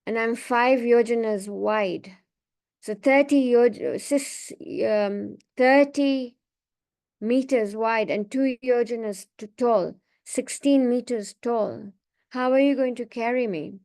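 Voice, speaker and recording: A woman's voice: a little high, takes it slowly, a little mellow. A woman speaker retelling a scripture story in a reading class, conversational with many fillers and restarts.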